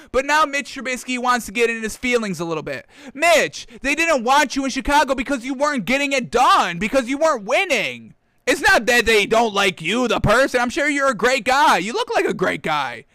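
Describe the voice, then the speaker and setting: A man hosting a football talk show, ranting in a heated, animated way and calling out to his folks, close on a studio mic. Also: very high-pitched, dry recording. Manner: heated, animated, keeps addressing the audience as folks. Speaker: sports show host. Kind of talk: casual football rant. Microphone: close studio microphone.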